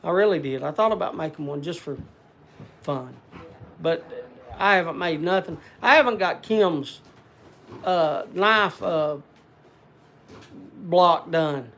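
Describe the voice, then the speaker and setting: A man's voice: on the high side, takes it slowly, long pauses, fairly bright tone, slight background noise. A man hosting a casual livestream, rambling as he reads out viewer names with lots of "uh" fillers and chatting to the audience by name. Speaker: livestream host.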